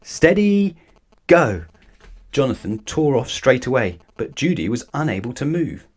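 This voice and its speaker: A man reading a children's picture book aloud, his narration lively and expressive. His voice sits at an ordinary middle pitch yet rises and falls with plenty of animation. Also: moderate pace, breathy edge. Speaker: storybook reader.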